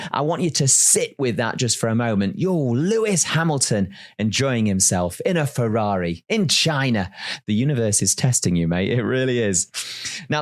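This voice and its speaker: A man reading a scripted, sarcastic motor racing recap in a wry, lively way. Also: medium pitch. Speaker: listener contributor presenting a race recap. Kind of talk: scripted comedic race recap.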